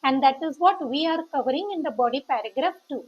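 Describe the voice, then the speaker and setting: A woman's voice: sits high, lively intonation, fast, highs cut off. A woman teaching English, walking through a sample letter and repeating key words for emphasis. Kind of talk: explaining a sample letter in a lesson.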